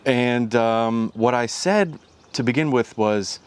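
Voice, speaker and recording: A man hosts his own vlog, speaking slowly and clearly in a medium-pitched, resonant voice. His talk is casual, rambling and reflective, and he often restarts his sentences.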